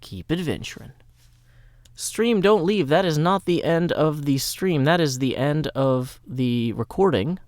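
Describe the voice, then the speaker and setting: Lively, playful man with a lilt. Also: fairly high pitch, measured pace, dry recording. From Tennessee, USA. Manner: playful, wordy, theatrical asides. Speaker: Minecraft YouTuber. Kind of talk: casual gameplay commentary.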